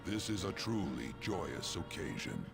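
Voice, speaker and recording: Creepy old game mentor, super deep and gravelly, swoopy delivery, music under it. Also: male voice, lively intonation. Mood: solemn. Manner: slow, formal and ominous. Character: Igor, long-nosed old male keeper of the Velvet Room, solemn. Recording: game audio with music behind.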